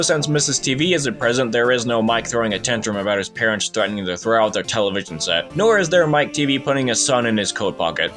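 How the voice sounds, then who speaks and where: A young man giving a scripted, sarcastic commentary review with an exasperated edge. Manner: sarcastic, exasperated, lively swings in pitch. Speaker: video essayist.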